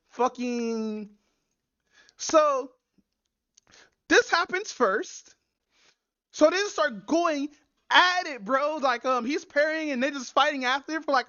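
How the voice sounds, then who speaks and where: Woman podcast host, high voice, cussing a lot, rambling, dry dull audio. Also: fairly bright tone, no room sound. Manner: rambling, profane storytelling. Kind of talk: casual chat.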